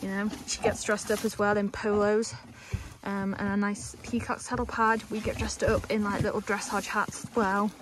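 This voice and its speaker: A woman's voice: medium pitch, little pitch movement, normal speed, background noise. A young woman, casually chatting as she gives a walking tour of a horse yard. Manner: chatty, rambling, coos at the animals. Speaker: stable staff member giving a tour.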